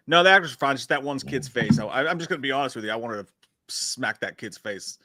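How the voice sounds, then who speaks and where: Man, co-host, bright tense voice, blunt crude banter, casual recap chat, dry recording. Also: medium pitch, lively intonation, quick pace, no room sound. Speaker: podcast co-host.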